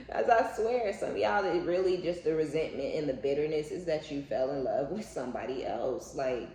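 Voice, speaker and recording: Low-voiced, profane woman tarot reader. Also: lively intonation, normal speed, few pauses, darkish tone. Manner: blunt, profane, and playful, with frequent laughs. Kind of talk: casual collective tarot reading. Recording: echoey room with faint background noise.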